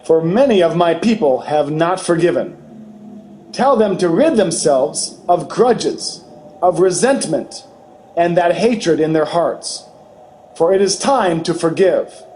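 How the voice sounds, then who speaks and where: A man voicing a grave, tender Jesus who speaks slowly and solemnly in a dramatized testimony reading. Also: a little high, lively intonation, slight background noise. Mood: pleading. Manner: slow, solemn, gently pleading.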